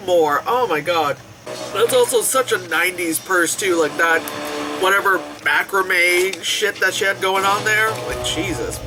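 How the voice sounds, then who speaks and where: A movie reviewer reacts in a loose, joking way, often breaking into laughter and cursing. The pitch jumps around a lot as they mimic the characters on screen. Loud film music plays underneath the whole time. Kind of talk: casual movie reaction commentary. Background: film soundtrack music playing.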